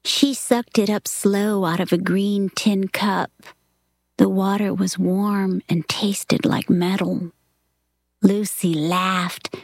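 Woman reading a story out loud, slow and soft, slips into whispers, dry close sound. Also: mid-range voice, fairly even intonation, no room sound. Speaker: reader. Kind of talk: reading a novel aloud.

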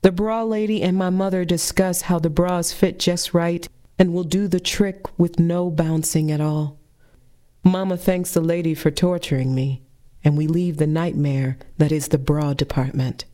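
A woman telling a personal story as a performance, with wry, deadpan humor. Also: lowish voice, normal speed.

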